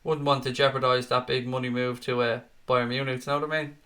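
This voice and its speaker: A young male host keeps a live fan watchalong going, commenting on the play and replying to viewers with plenty of swearing and excited back-and-forth. He talks at a quick pace in a mid-range voice.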